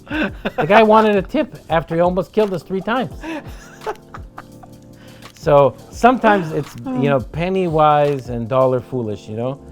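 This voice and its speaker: A man's voice: a little high, moderate pace, faint music behind. A man guesting on a podcast, telling a wild travel story over drinks with lots of swearing. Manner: animated, profane anecdote-telling. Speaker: podcast guest, trial lawyer.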